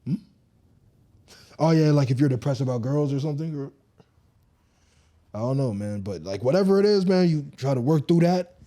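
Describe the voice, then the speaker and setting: A young man chats loosely on his podcast in laid-back slang, often dropping to a mumble. His voice is dark and mellow, with a lively, swinging pitch. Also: normal speed, long pauses. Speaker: podcast co-host. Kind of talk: casual chat.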